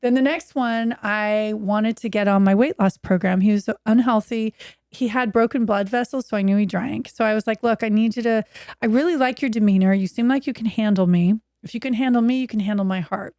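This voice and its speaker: A woman's voice: medium pitch, a little fast, no echo. Woman, fifties, from Oregon, candid storytelling, acts out voices, dry close sound. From Oregon, USA. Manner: animated, acts out quoted voices. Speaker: guest. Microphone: video call.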